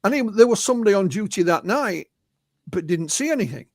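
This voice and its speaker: This is an Englishman, high in pitch, talking as an interview guest. He retells witness accounts, sprinkling his speech with "you know". The sound is dry and close. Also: big pitch swings, brisk, no room sound. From England. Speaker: guest, UFO researcher and author. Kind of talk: anecdotal storytelling in an interview.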